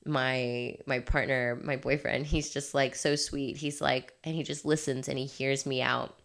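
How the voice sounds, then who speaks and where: Low-pitched woman coach, blunt and emphatic, laughs a lot, swears casually. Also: level tone, unhurried, vocal fry, a bit bright. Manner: candid, emphatic, swears freely, laughs often. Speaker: life coach. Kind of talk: motivational monologue.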